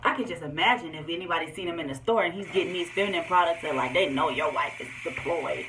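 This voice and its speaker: A young woman telling personal stories straight to her viewers in an animated, candid vlog. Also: fairly low pitch, fast, far from the mic, background noise. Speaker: vlogger. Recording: echoey room, voice set back from the mic.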